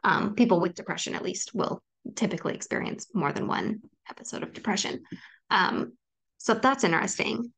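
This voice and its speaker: In a personal solo podcast, the female host reassures her audience earnestly, filling her speech with frequent ums. Her mid-range voice is gravelly and a bit bright with a breathy edge, and her delivery is brisk.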